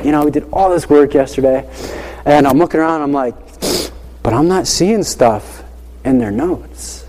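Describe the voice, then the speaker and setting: A man who teaches high school, telling a classroom story in a casual, animated way with lots of fillers. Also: moderate pace, in a large hall. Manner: animated, chatty, many fillers like "you know".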